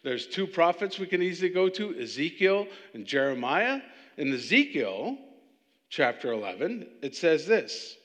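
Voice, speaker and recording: Man, bible teacher, conversational, lively intonation, echoing hall. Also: a little high, moderate pace. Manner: conversational, animated, with restarts. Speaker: preacher.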